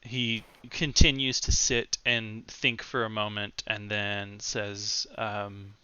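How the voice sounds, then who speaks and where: A man narrating as game master of a tabletop game, slow and halting with many fillers. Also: on the low side, flat delivery, sharp tone, smooth, lo-fi sound.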